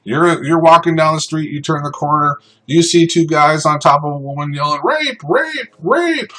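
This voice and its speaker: A man teaching self-defense law in an unscripted, informal way, often pausing on ums and uhs. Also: a little high, level tone, rough recording. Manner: informal, many ums and uhs, shouts out acted commands in examples. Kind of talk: unscripted explanatory talk.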